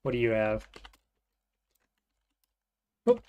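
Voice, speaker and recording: A man's voice: mid-range voice, wildly swooping pitch, extremely slow, smooth, lo-fi sound. Man muttering through a game. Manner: thinking aloud, muttering, trailing off quietly. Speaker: streamer playing a roguelike. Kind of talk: casual gameplay commentary.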